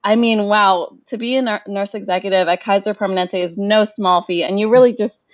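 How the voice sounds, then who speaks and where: A woman hosting an interview on a video call, reacting warmly and asking questions with hesitant restarts. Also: mid-range voice, fairly even intonation, brisk, no echo. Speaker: interview host. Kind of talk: conversational interview. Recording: dry, slightly dull video-call audio.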